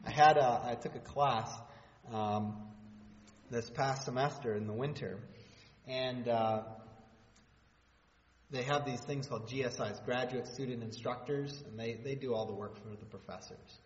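A man preaching a sermon in a relaxed, conversational way, with humorous asides and rhetorical questions. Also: mid-range voice, moderate pace. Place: church hall. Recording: dull sound with long hall reverb.

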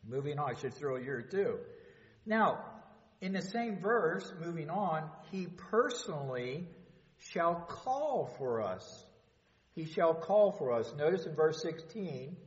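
Earnest preacher guy, kinda high voice, muffled lo-fi sound in a big echoey church. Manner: earnest, halting with restarts and fillers. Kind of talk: sermon. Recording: echoey hall, dull lo-fi sound.

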